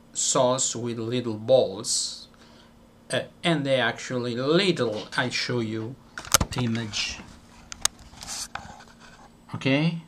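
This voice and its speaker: A man's voice: mid-range voice, a bit bright. A man from Italy with an Italian accent touched by British and American tones, explaining casually with many fillers and self-corrections. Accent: Italian, mixed with British and some American. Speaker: video host.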